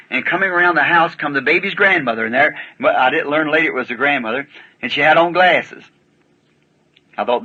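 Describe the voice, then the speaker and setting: A man preaching and telling a story with homespun, rustic grammar. His voice is piercingly bright and tense, with a husky rasp. It comes through a dull, muffled, lo-fi archival recording. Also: a little high. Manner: folksy plain-spoken telling with rustic grammar. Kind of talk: sermon storytelling.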